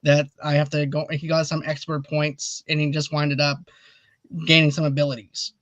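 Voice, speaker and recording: A man's voice: fairly high pitch, monotone, moderate pace, fairly bright tone, no room sound. A man hosting a casual movie review chat, rambling eagerly and urging viewers to comment. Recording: dull lo-fi audio.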